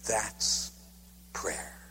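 A priest from Pittsburgh preaching a storytelling sermon, swinging from shouts to hushed, near-whispered lines and tagging his sentences with "huh?". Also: very slow. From Pittsburgh, USA. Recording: echoey hall with faint hum.

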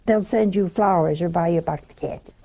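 Gravelly-voiced woman preaching with folksy humor. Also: lowish voice, warm tone. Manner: folksy storytelling with slow, drawn-out emphasis. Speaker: religious speaker. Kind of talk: humorous sermon.

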